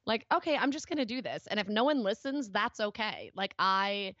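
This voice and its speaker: A woman in her thirties with a hoarse, raspy voice, chatting as a podcast guest with lots of fillers and restarts. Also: medium pitch, sing-song, moderate pace, a bit bright, dry recording. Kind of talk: casual interview chat. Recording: dry, slightly dull recording.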